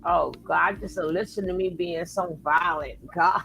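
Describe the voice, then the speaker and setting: A woman chatting in casual commentary at a slow pace. She is candid and curses easily, with faint music behind. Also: lowish voice, fairly even intonation, vocal fry, a bit bright. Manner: candid, profane, unhurried.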